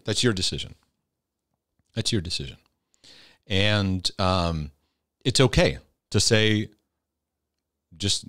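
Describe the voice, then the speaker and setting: A man's voice: lowish voice, no room sound, studio quality. A man hosting a talk, answering viewer questions in a casual, emphatic, conversational way. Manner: conversational, gets loud and emphatic then drops soft. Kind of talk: casual faith-based advice talk.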